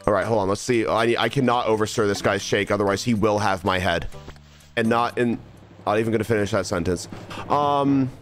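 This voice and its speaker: A young male streamer with a lowish voice talks fairly quickly through live gameplay. Restless and self-deprecating, he keeps repeating phrases under his breath as faint music plays.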